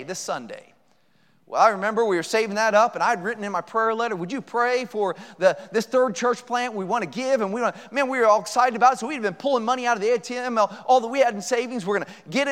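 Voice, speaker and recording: Middle-aged male pastor, high voice, quick animated sermon delivery, long hall reverb. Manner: animated, acts out quoted voices. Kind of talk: sermon storytelling.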